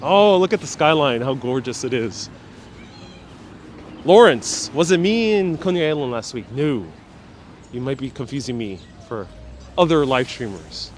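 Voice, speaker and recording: A man hosting a casual walking live stream outdoors on city streets, joking deadpan and reading out viewer comments on a clip-on mic. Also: medium pitch, unhurried, long pauses, a little hiss or hum. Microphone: wireless clip-on mic while walking.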